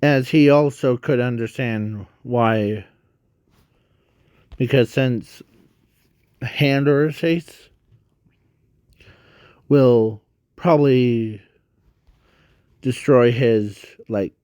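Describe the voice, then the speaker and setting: A man narrates a made-up fan story, rambling and halting and often stopping to correct himself. He speaks extremely slowly, in a middle-pitched voice. The sound is dry, with no room echo. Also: a little mellow, clean tone.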